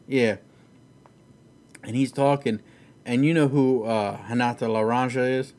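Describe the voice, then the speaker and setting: A man's voice: medium pitch, steady tone, measured pace, darkish tone. A man hosting a casual, profane chat about fights, rambling and laughing easily. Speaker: podcast host.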